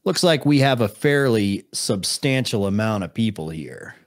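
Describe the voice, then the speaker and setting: Dry, sarcastic reactions to videos fill this casual live stream, where a young man also reads the chat aloud. His voice is lowish and very animated, delivered at a measured pace.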